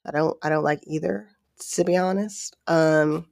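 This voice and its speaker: Woman host, low voice, chatty and playful, thinks aloud with plenty of restarts; suits a casual solo Q&A podcast. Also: moderate pace, gravelly, slight background noise. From Maryland, USA. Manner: chatty, animated, thinks out loud with many restarts; playful and candid.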